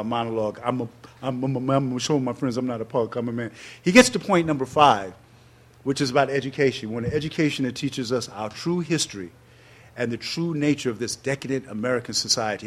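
A man, telling a personal story in an interview and acting out quotes in loud, high bursts. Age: 60s. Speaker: interview guest.

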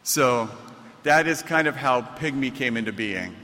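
A man's voice: medium pitch, measured pace, long reverb tail. An American man, an author at a reading, telling a comic, self-mocking story to a live audience. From United States. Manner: animated, self-mocking delivery.

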